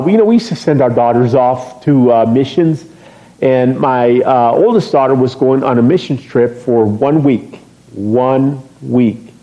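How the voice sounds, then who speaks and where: A middle-aged man preaches from the pulpit with a warm, relaxed tone, teasing his congregation and asking them questions as he goes. His voice sits a little high for a man. The recording is dull and lo-fi. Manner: lively, joking with the congregation, asks questions. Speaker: pastor. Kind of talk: sermon.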